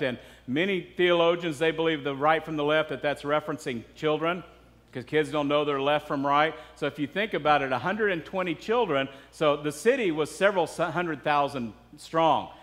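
A man's voice: fairly high pitch, a bit bright. A man preaching a sermon as pastor, talking conversationally and putting rhetorical questions to the congregation. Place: church sanctuary. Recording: long reverb of a church hall.

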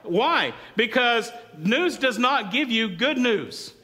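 The voice belongs to a middle-aged male pastor who speaks slowly and at an extremely high pitch while preaching in church. He tells stories with energy and asks the congregation for responses.

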